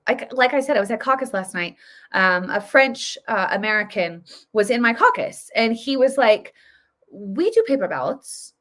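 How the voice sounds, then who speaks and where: A woman's voice: mid-range voice, a bit bright. A woman in her thirties hosting her own political commentary video, talking emphatically and casually with many fillers and restarts. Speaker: political vlog host.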